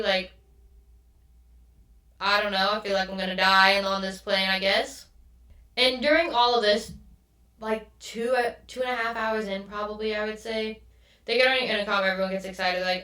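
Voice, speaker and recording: A woman's voice: mid-range voice, fairly quick, bright, forceful tone. A woman hosting a podcast, telling a story in a casual, exasperated rant and swearing often. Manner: exasperated, swears a lot, quotes others mid-story. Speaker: podcast host. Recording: echoey room, mic at a distance.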